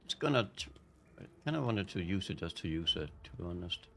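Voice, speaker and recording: A man streaming a video game, commenting casually in a halting, rambling way. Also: deep voice, big pitch swings, creaky, sharp tone, soft background music. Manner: rambling, halting, self-correcting. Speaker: gaming streamer. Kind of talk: casual let's-play commentary.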